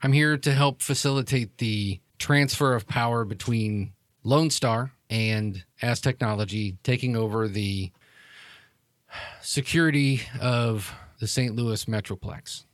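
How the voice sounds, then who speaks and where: A man's voice: mid-range voice, a little slow, no echo, clean studio sound, lightly acted. A man voicing a woman who is the long-lost sister, glib and bitter, talking casually and swearing.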